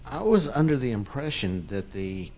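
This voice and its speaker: A man in the audience asking a measured question. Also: medium pitch, very animated, darkish tone, slight background noise. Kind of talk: question from the floor.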